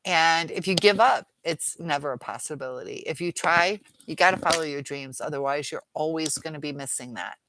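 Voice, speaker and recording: Chatty middle-aged woman with gravelly voice. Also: low voice, a little fast, few pauses, background noise. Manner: chatty, rambling, laughs often. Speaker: live-chat host. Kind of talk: casual livestream chat reading viewer comments.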